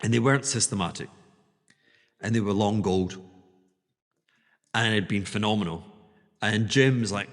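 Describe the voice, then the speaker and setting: A man's voice: lowish voice, long reverb tail. A male podcast host giving a theatrical financial monologue, digressing freely and acting out the voices of others.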